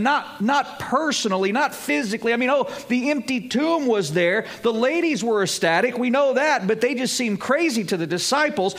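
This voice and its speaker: High-voiced man preaching a lively sermon. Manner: conversational, animated storytelling with dramatic pauses. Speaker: pastor.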